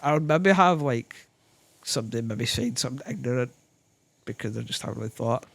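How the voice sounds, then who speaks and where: A Scottish man, a guest on a podcast, speaking thoughtfully in casual chat with lots of pauses and fillers. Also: mid-range voice, lively intonation, vocal fry, a bit bright, no room sound. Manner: thoughtful, hesitant, many fillers. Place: podcast studio.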